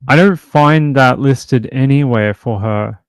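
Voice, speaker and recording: A man's voice: mid-range voice, takes it slowly, clean tone, dry recording. A man hosting a true crime livestream from home, chatting casually in a loose, rambling way full of fillers.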